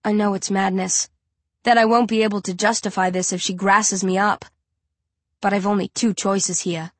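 A woman narrating a first-person story in an even, steady storytelling way. Her voice is of middle pitch and recorded close and dry, with no room sound. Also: normal speed, no room sound. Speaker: audiobook narrator.

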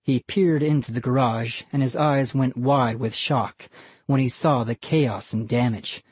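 Audiobook narrator, slow, husky, dry close mic, measured storytelling. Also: medium pitch, a little mellow, dry recording.

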